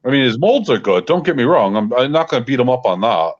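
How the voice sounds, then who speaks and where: A man's voice: mid-range voice, very animated, fast, highs cut off. A man, a guest in a casual chat, venting his frustration with lots of fillers. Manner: frustrated ranting with many fillers.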